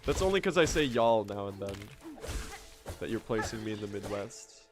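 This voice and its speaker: A man's voice: on the low side, animated, normal speed, music in the background. A man from Sweden with an American-sounding accent, chatting casually with his viewers while speedrunning a game and swearing now and then. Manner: chatty, swears, answers chat questions. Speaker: streamer.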